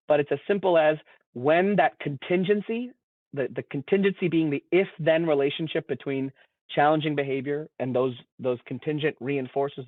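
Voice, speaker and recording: A man's voice: mid-range voice, dry recording. A man presenting as a behavior analyst, earnestly walking listeners through a case and often repeating words as he starts a thought. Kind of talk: explanatory presentation. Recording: dry, tinny phone-like line.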